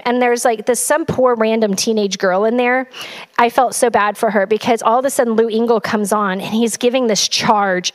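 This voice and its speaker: A woman sharing a personal story with a congregation, talking in a chatty, breathless way and filling her sentences with "like.". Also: a little high. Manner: chatty and breathless, heavy use of "like". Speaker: church member sharing a testimony.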